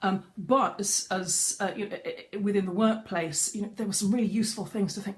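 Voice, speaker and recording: A woman's voice: mid-range voice, fairly even intonation, brisk, few pauses. A middle-aged woman giving a chatty live-streamed lesson as a voice coach, greeting viewers as she goes. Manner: chatty, greets viewers mid-talk, frequent restarts. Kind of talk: facebook live coaching talk. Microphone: webcam or phone on a live stream.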